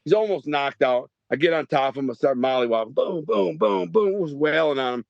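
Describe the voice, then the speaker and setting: Middle-aged man, guest storyteller, animated and rambling, dry, slightly dull mic. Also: medium pitch, fast, no echo. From Detroit, Michigan. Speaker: podcast guest. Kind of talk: storytelling interview.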